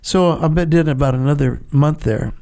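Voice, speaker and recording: An older man in his seventies with a gravelly, mellow voice. He tells blunt, salty stories in a relaxed interview setting and briefly slips into the voices of the people he quotes. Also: on the high side, normal speed. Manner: blunt, profane storytelling that acts out dialogue. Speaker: guest, Vietnam veteran. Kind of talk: casual storytelling interview.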